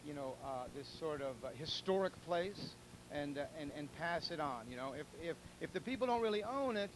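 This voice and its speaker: A rambling male telethon host who tells jokes and pitches a community raffle, repeating himself as he goes. His voice sits somewhat high, and a steady hum with clear background noise runs under the recording. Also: fairly quick. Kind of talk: casual joke-telling and fundraising appeal.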